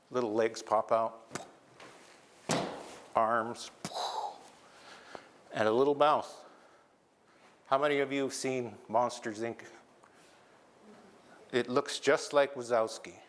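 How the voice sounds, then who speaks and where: A man telling a traditional tale to a live audience in a lively, engaging way, with asides to the listeners. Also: medium pitch, takes it slowly, long pauses, big-room sound, a little hiss or hum. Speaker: traditional storyteller. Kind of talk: oral storytelling to a live audience. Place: lecture hall.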